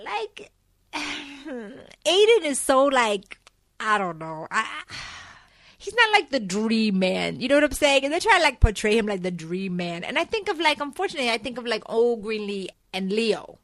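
A woman's voice: a little high, normal speed, dry recording. Chatty woman recapping soaps, dry sound. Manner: chatty, animated, full of fillers and laughs. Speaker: soap opera recap host. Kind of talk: casual chat.

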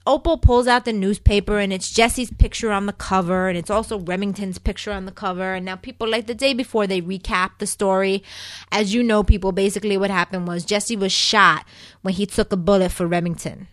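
A woman's voice: mid-range voice, no echo. Chatty woman recapping soap episodes. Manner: chatty, animated, opinionated, addresses listeners as "people". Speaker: soap opera recap host. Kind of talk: casual chat.

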